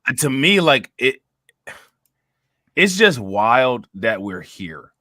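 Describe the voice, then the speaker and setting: A man's voice: mid-range voice, big pitch swings, slow pace, pushed and bright, dry recording, clean studio sound. A man hosting a reaction podcast, talking in a laid-back, loose way and laughing often. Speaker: podcast host. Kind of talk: casual reaction chat.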